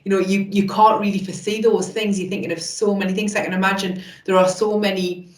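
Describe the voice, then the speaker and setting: A woman hosting a podcast, asking reflective questions in a halting way with many fillers. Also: mid-range voice, flat delivery. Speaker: podcast host. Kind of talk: interview questions. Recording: echoey room, distant mic.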